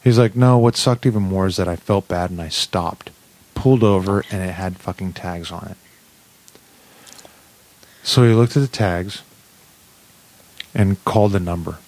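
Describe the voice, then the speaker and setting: A man's voice: sits low, moderate pace, pauses often. A man telling a crude joke story in casual podcast chat, swearing constantly and acting out every quote. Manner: profane, animated storyteller, acts out quotes. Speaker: podcast co-host.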